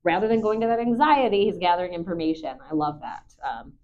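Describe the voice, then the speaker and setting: A woman's voice: fairly low pitch, fast talker. Woman, dog trainer, patient, rambling, lo-fi recording. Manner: calm, patient, chatty with ums. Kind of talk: live dog training commentary. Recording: dull lo-fi recording.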